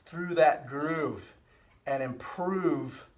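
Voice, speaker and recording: Middle-aged male health host, slightly raised pitch, easygoing instructional delivery. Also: extremely slow. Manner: relaxed, repetitive explanations with fillers. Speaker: physical therapy host. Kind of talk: casual instructional demonstration.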